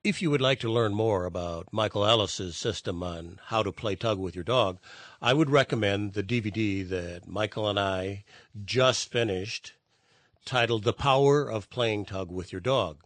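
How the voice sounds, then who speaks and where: Male promo voice-over, low pitch, measured read, dry booth sound. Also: fairly bright tone, no room sound. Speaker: voice-over promoting a training video.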